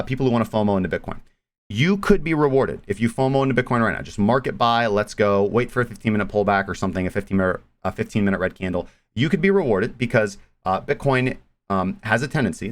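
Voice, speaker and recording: A man with a fairly low voice walks through his trading method on a live stream. He talks off the cuff, repeating words and restarting phrases as he explains. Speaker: trading analyst host. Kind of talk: live stream market analysis.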